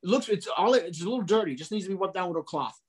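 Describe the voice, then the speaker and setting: A man co-hosting a casual collectibles chat, telling stories with lively acted-out dialogue and frequent restarts. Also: high voice, fast talker, slightly rough. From New England, US. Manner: animated storyteller, acts out dialogue. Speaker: podcast co-host.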